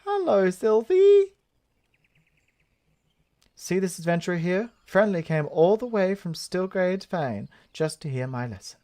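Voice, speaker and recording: A man voicing a gentle male nature teacher who talks softly to his pupils. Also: sits high, very animated, measured pace, pitched above the performer's own voice, full character voice.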